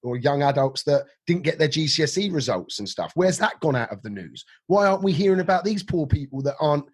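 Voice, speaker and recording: A man's voice: on the high side, sing-song, quick pace, slightly rough. A middle-aged man hosting a podcast, talking informally and swearing casually. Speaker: podcast host.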